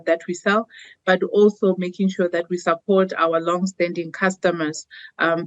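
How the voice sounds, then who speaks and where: A woman speaks as a company executive in a news interview. She is measured and fills her pauses with frequent 'um's. Her voice comes over a slightly muffled, dry remote line. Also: lowish voice, a little mellow, dry recording. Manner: measured, with frequent 'um' fillers.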